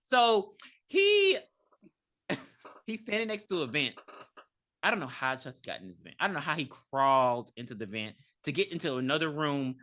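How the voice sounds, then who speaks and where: An animated podcast co-host retelling a horror film in loose, casual chat. The voice is bright and forward at an everyday middle pitch, and the co-host swears freely while acting out the story. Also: normal speed, long pauses. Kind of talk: casual movie recap chat.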